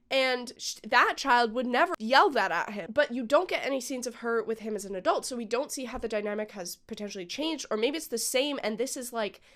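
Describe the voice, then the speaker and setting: Chatty woman, slightly high voice. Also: a bit bright. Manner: opinionated, chatty, frequent "like" and "um". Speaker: vlogger reviewing a film. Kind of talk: casual chat.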